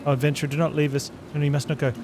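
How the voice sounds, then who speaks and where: A man's voice: fairly high pitch, flat delivery, racing, background noise, close to an everyday voice. A man doing a timid, fretful kobold. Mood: pleading. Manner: nervous, restates every phrase with three synonyms. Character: timid, repetitive little kobold creature. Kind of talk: reading game dialogue aloud. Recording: loud game music behind.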